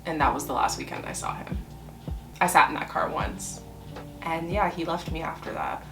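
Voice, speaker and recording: A young woman in her twenties with a low, deep-set voice tells a personal story to the camera. She talks in a candid, blunt way, swears freely and breaks into laughs often. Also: moderate pace, creaky, soft background music. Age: 20s. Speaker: vlogger telling a story. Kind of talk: casual storytime chat.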